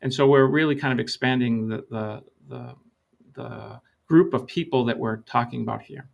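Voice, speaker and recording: Brief: gravelly middle-aged consultant guest, measured, explains through anecdotes. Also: male voice, mid-range voice, muffled recording. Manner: measured, storytelling with quoted dialogue. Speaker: lean consultant, interview guest.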